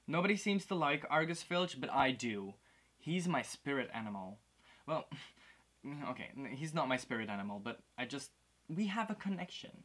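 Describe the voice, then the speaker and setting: A man hosting a casual toy unboxing vlog, excitable and gushing, often breaking into laughter and exclamations. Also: a little high. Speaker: host of a toy unboxing series.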